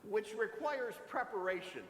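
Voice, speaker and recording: A man in his sixties, a pastor giving a homily with animated, humorous storytelling in a church sanctuary. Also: sits high, moderate pace, background noise. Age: 60s. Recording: echoey church with long reverb.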